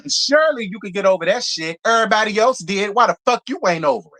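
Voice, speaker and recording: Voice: medium pitch, expressive, brisk, pushed and bright. Heated, profane reality-show reviewer ranting. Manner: blunt, profane, heated, repeats points for emphasis. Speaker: reality TV reviewer, channel host. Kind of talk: live show review rant.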